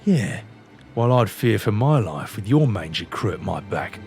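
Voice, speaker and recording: A cocky sky pirate captain, as a man voices him over a game, growls his lines lower than his own voice. He swaggers and swears his way through every sentence, and his pitch still swings around as he goes. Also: big pitch swings, measured pace, darkish tone, faint music behind, heavily acted. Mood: swaggering. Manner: swaggering, swears freely, rough slang.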